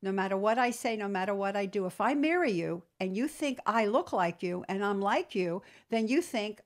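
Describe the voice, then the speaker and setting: A woman entrepreneur telling stories in an interview, lively, acting out quoted dialogue. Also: mid-range voice, normal speed. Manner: animated storyteller, acts out quoted dialogue. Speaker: entrepreneur guest; business trainer. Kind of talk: storytelling interview.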